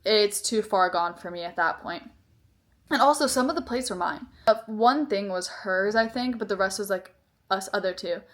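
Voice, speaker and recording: A woman's voice: medium pitch, normal speed. A young woman vlogger telling a storytime, rambling and exasperated, with many "like"s. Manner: rambling, heavy use of "like", exasperated. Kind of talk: storytime vlog.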